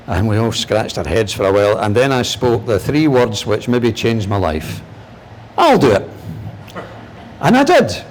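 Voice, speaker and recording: An older man with a Glaswegian Scottish accent tells funny stories from his career at a lecture. His delivery is lively and animated, and his pitch jumps for punchlines. His voice sits in an ordinary male register. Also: a little hiss or hum. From Scotland. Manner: humorous, animated storyteller, shifting pitch for punchlines. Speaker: guest lecturer and broadcaster. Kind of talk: anecdotal storytelling lecture.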